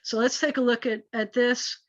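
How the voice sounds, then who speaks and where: Woman teacher, higher voice, patient and explanatory, muffled lo-fi video-call sound. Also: moderate pace. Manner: patient, explanatory, animated when making a point. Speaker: rabbi teaching Hebrew. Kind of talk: online class teaching. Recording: dull lo-fi video call audio.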